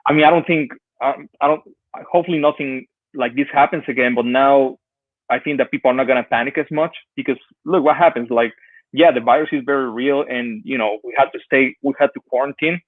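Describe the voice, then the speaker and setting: A man guesting on an interview as a band member, talking in a quick, earnest, laid-back way. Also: mid-range voice, dry recording. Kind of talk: casual interview chat. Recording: thin phone-like line, dry.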